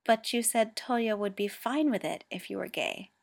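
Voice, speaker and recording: A woman reading a story aloud and voicing a blunt, dryly teasing teenage boy who asks flat, matter-of-fact questions. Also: mid-range voice, normal speed, gravelly. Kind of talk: amateur audiobook reading.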